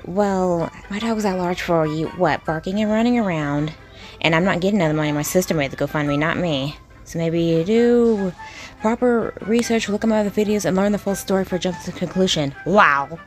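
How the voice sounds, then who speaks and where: Indignant, blunt woman with a lowish voice. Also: fairly quick, faint music behind. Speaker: video creator reacting to comments. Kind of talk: casual reaction commentary.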